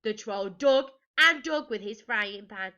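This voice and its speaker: Lively teacher reading a storybook. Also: female voice, medium pitch, measured pace, highs cut off. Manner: lively and expressive, with gasps and questions to the children. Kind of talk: reading a storybook aloud to young children.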